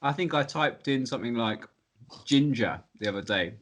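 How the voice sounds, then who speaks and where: Male podcast guest, casual chat, keen and quick to laugh. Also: mid-range voice, animated, fairly bright tone, slight background noise. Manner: enthusiastic, laughs often. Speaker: podcast guest, cookbook co-founder.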